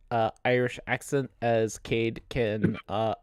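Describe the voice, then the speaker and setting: A man's voice: medium pitch, level tone, slow pace, clear, resonant tone, dry recording, clean studio sound. A man hosting a casual sports podcast, rambling with fillers and swearing, with a cough. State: has a cough. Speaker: podcast host.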